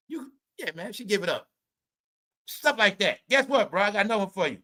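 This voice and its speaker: A man's voice: high-pitched, lively intonation, a little slow, pauses often. A man hosting a casual celebrity gossip rant, swearing, laughing often and talking straight to his viewers. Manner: loud, laughing, swearing, addresses viewers as y'all. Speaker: commentary host.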